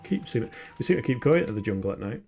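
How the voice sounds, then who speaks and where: A man's voice: on the low side, animated, quick pace, gravelly, mellow, faint music behind. A young man streaming a game, chatting with his viewers and muttering to himself as he plays. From Yorkshire, England. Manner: chatty, self-mocking, mutters to himself while playing. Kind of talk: casual gameplay stream chat.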